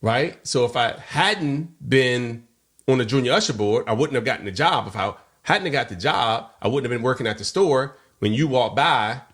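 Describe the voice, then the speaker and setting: A man's voice: mid-range voice, lively intonation, moderate pace, fairly bright tone. A man co-hosting a podcast, telling a personal story in casual chat and acting out the voices of people he quotes. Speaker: podcast co-host.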